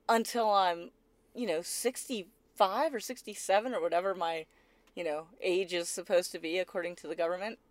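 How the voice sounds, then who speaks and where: A woman hosting a casual podcast, bubbly and quick to laugh, often checking in with "right?". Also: medium pitch, no echo. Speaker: podcast host.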